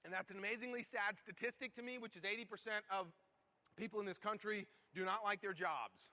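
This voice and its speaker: Man, high voice, bright tone, motivational keynote, rhetorical questions, conference room. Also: fairly quick. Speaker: conference speaker.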